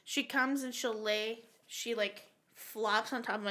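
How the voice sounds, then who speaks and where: A woman telling animated, profanity-laced stories in a casual chat among friends. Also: fairly high pitch, a little slow. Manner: animated storyteller, swears a lot.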